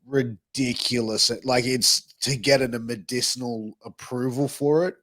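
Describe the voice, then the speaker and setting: A man's voice: medium pitch, fairly even intonation, measured pace, fairly bright tone, no echo. A man with an Australian accent hosting a podcast, talking loosely with lots of swearing and fillers. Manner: laid-back, profane, filler-heavy. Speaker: podcast host. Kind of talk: casual podcast chat.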